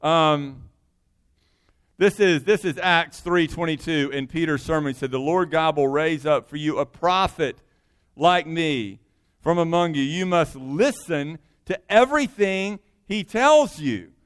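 A man's voice: a little high, lively intonation, measured pace, fairly bright tone, clean tone. A man preaching a sermon in a conversational way, with emphatic asides. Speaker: pastor.

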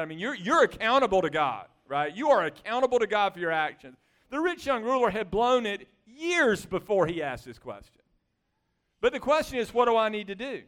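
A man preaches with a notably high and smooth, resonant voice. His delivery is conversational and animated, full of rhetorical questions aimed at his listeners. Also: normal speed. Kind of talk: sermon.

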